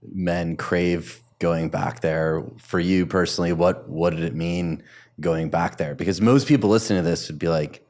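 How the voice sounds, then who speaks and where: A man hosting an interview, asking measured, thoughtful questions. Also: deep voice, steady tone, a little mellow. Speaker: podcast host.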